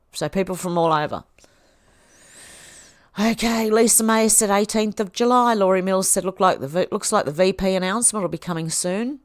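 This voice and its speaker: An Australian woman with a voice on the low side hosts a livestream, reading posts aloud and reacting chattily. The recording is dry and studio quality.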